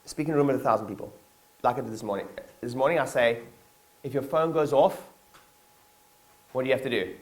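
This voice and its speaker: A man's voice: mid-range voice, fast talker, long pauses. A man giving a motivational keynote to his staff in a conference hall, talking casually with lots of fillers and calling on the audience to respond.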